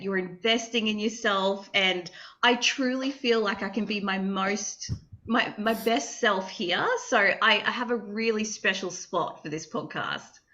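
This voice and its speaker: Australian woman, bright podcast host. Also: medium pitch, lo-fi sound. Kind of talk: casual interview talk.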